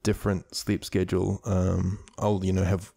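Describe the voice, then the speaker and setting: A man's voice: low-pitched, completely flat delivery, moderate pace, creaky, mellow. A young man with a light New Zealand accent, a YouTuber guest talking casually and rambling with many fillers. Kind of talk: casual interview chat.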